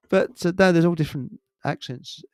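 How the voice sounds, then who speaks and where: A man's voice: sits high, unhurried, a little mellow, no echo, studio quality. A man with a Hertfordshire accent chatting casually as host, rambling, chuckling often and trailing off mid-sentence. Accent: Hertfordshire English. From England. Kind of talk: casual chat.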